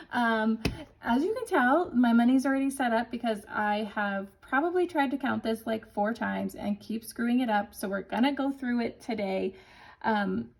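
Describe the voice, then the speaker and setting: A woman's voice: a little high, gravelly, low-quality recording. Upbeat woman in her forties counting cash. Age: 40s. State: slightly winded. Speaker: budgeting vlogger. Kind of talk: casual chat to viewers.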